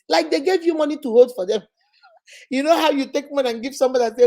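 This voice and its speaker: A woman's voice: high-pitched, quick pace, warm tone. A middle-aged Nigerian woman hosting a casual vlog, telling stories with laughter and rhetorical questions. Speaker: host.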